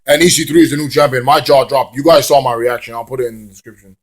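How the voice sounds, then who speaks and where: Man, casual wrestling review, rambling, swears freely, mid-pitched voice. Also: quick pace. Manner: rambling, swearing, humming bits of songs.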